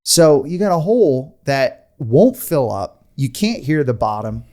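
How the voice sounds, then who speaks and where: A man hosting a podcast, telling a story in casual chat with animated delivery, rambling asides and frequent laughs. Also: medium pitch, measured pace. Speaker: podcast host.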